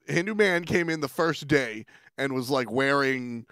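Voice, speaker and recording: A man's voice: mid-range voice, lively intonation, unhurried, a bit bright, clean tone, no room sound, studio quality. A man hosting a livestream in casual chat, rambling, restarting sentences and laughing between thoughts. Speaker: stream host.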